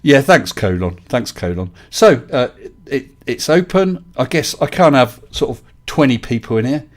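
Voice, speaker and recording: A man's voice: mid-range voice, big pitch swings, moderate pace. A middle-aged man, hosting a casual live-stream chat from his home desk, joking and talking to viewers by name. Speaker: livestream host.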